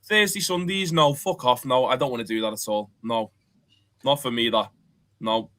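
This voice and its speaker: A man's voice: mid-range voice, normal speed, fairly bright tone. A man talking on a live fan show, blunt, dismissive and sweary.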